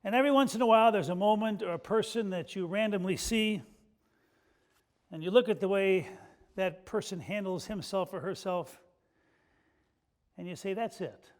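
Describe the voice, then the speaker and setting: A male pastor delivering a sermon with folksy, self-deprecating storytelling, dropping soft and slow at emotional moments. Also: sits high.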